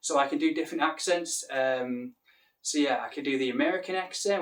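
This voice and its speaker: A man's voice: fairly high pitch, a little fast, distant mic. A man with a Mancunian accent, an English teacher talking casually to camera, rambling and restarting his sentences. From Manchester, England.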